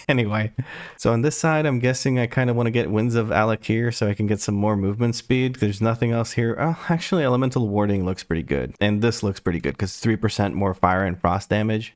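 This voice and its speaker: A man's voice: lowish voice, no echo, clean studio sound. A man giving casual, rambling gameplay commentary, swearing often and poking fun at himself. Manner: rambling, frequently swearing, self-mocking. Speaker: gaming streamer.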